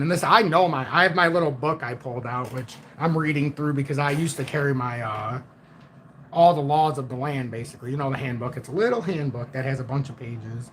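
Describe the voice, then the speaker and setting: A man on a casual livestream, telling a story in a blunt, profane and animated way. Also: mid-range voice, fairly quick, a little hiss or hum. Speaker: livestream host.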